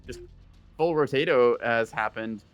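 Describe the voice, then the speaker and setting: A man's voice: medium pitch, measured pace, clean tone, highs cut off, faint music behind. A man giving color commentary on a live space battle match, analytical and conversational. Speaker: esports co-caster.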